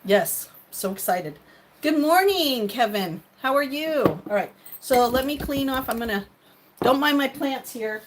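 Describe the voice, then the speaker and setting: A woman's voice: fairly high pitch, unhurried, noisy background. Chatty woman live-streaming her cooking. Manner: chatty, greets viewers by name, laughs often. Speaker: livestreaming cooking vlogger. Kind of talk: casual live-stream chat while cooking.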